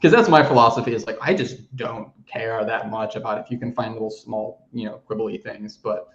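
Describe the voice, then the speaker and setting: A man chatting casually as a guest, joking and excitable. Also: on the low side, brisk. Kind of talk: casual chat. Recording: roomy, dull lo-fi call audio.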